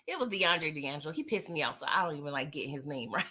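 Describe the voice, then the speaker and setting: Bright, animated woman vlogger. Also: sits low, quick pace. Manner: animated and chatty, talks straight to viewers. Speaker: TV recap vlogger. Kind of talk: casual TV recap vlog.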